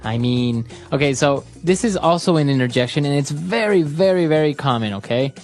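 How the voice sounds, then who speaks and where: A woman's voice: deep voice, expressive, fairly quick, darkish tone, faint music behind. A woman hosting an English lesson podcast, explaining phrases steadily with frequent agreeing fillers. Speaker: English teacher and podcast host.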